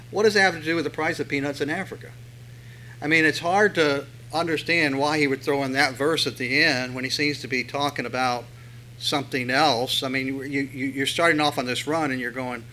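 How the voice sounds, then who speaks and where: A man preaching a sermon in a conversational way, asking rhetorical questions and swelling louder when he reads scripture. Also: medium pitch, steady tone, normal speed, poor audio. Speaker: pastor.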